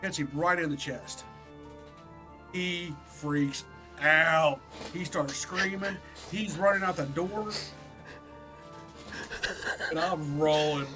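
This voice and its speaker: A man co-hosting a podcast, telling a story in an animated, profane, casual way. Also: on the high side, slow, long pauses, soft background music. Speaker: podcast co-host.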